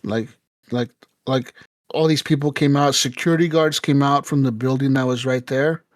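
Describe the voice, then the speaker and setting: A man's voice: medium pitch, fairly even intonation, normal speed, no echo. Guy on a podcast telling a wild story, cussing and laughing, voices the people he quotes, dry sound. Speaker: podcast co-host. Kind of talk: casual storytelling chat.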